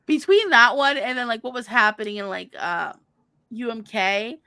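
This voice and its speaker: Woman with a bright, gravelly voice. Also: fairly high pitch, normal speed, no echo. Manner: chatty, laughs often, trails off. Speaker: podcast co-host. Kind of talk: casual chat.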